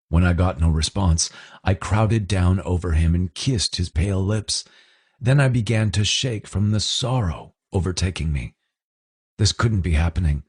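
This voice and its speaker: A man's voice: low voice, darkish tone, husky. A man narrating a romance audiobook in the first person, with intense, emotional delivery.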